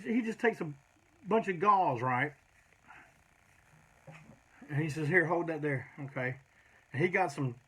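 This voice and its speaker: A man's voice: sits high, a bit bright, slightly rough. A middle-aged man, a punk band singer, telling rambling, profane road stories in a casual monologue.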